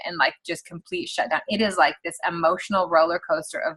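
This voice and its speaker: A woman in her thirties giving a casual, animated pep talk to her team on a video call. She talks quickly and fills her speech with "like.". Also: on the low side. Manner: chatty and animated, heavy use of "like". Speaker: team leader on a sales call.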